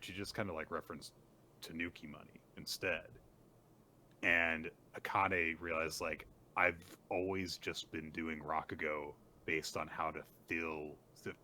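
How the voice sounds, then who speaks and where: A man co-hosting a podcast, casually recapping manga chapters with plenty of fillers and lively voiced quotes. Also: low-pitched, a little hiss or hum. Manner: animated retelling with lots of fillers and quick voiced quotes. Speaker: podcast co-host.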